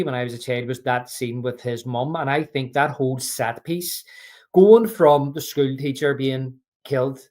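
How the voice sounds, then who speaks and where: A man co-hosting a film podcast, chatting casually and retelling scenes with frequent restarts. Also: mid-range voice. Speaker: podcast co-host.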